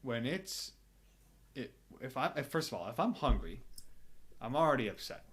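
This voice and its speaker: Bright-voiced, rambling male podcast co-host. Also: medium pitch, big pitch swings, husky. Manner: rambling, halting explanations. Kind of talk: casual podcast chat.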